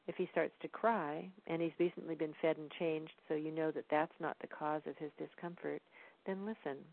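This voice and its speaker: A woman giving calm parenting advice in an explanatory teaching talk, often pausing with "um". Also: low voice, creaky. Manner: calm, explanatory, frequent "um" fillers. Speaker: parenting educator. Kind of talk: instructional talk. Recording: tinny phone-like sound.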